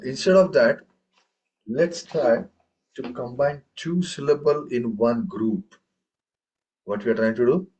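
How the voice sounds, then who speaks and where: A man teaching a tabla class, patient and instructive, checking in often and chanting rhythm syllables for his students. His voice sits at a middle pitch. The recording is muffled and lo-fi. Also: slow pace, pauses often, darkish tone. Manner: patient, repeats "okay" and "right?", chants syllables aloud. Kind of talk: classroom music lesson. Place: room with students.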